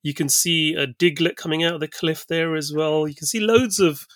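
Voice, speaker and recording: A man's voice: fairly high pitch, normal speed, a bit bright, no room sound. Man, co-host, casual chat, eager, lots of ums, dry recording. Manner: enthusiastic, filler-heavy.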